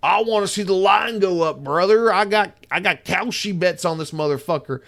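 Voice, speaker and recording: A brash, greedy investor type, as a man puts him on, blunt and slangy with a slightly raised pitch. He sounds like a joke character tossed into a rant. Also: normal speed, gravelly, fairly bright tone. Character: greedy male stock-chasing investor, brash.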